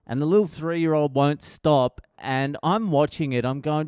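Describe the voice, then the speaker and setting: A man's voice: fairly high pitch, moderate pace, hardly any pauses, darkish tone, smooth, no room sound, clean studio sound. A middle-aged Australian man hosting a podcast, telling stories in a blunt, profane, rambling way. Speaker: podcast host. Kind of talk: casual storytelling monologue.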